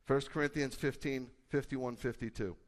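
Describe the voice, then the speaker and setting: A man who is a rabbi, preaching a sermon emphatically and shifting between loud bursts and low confiding asides. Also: fairly even intonation, normal speed. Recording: echoey hall with a long tail.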